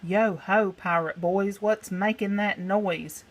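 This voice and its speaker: A woman's voice: medium pitch, steady tone, slow. A woman doing a blustering pirate chief. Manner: blustering, then panicky yelps. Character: boastful male pirate chief turned cowardly. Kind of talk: storybook read-aloud.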